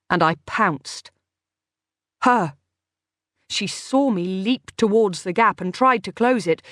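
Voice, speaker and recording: A woman narrating a thriller audiobook in the first person, in measured, tense storytelling. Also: lowish voice, dry recording, studio quality.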